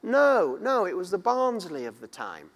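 A man preaches in a relaxed, conversational sermon. His voice sits a little high, and he often restarts and repeats words. The sound rings with a long reverb, as in a large hall. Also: a little slow. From northern England. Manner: conversational, many restarts and repetitions, playful asides.

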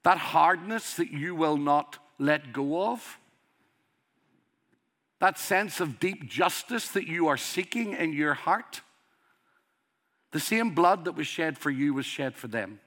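A man's voice: fairly high pitch, expressive, takes it slowly, long pauses, fairly bright tone. A man with a strong accent preaching a sermon, earnest and emphatic, pressing his listeners with rhetorical questions. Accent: strong accent he calls a dialect.

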